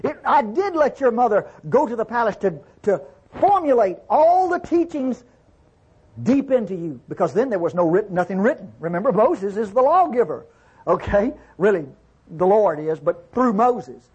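A husky, fairly high male voice that swings widely as he teaches scripture. He alternates between reading verses aloud and explaining them informally, often turning to his listeners to ask if they follow. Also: big pitch swings, normal speed, darkish tone, lo-fi sound. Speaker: Bible teacher. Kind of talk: conversational Bible teaching.

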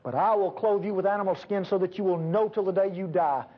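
God as a grieved, tender father pleads earnestly with Adam, voiced by a preacher. The voice is high and husky. The recording is dull and lo-fi. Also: fast talker. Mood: pleading.

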